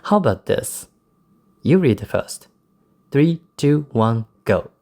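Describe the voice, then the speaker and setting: Male English tutor, native Japanese speaker, warm relaxed tone, clear explanatory delivery. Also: mid-range voice, takes it slowly. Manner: explanatory, demonstrates intonation in quoted examples. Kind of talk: recorded lesson.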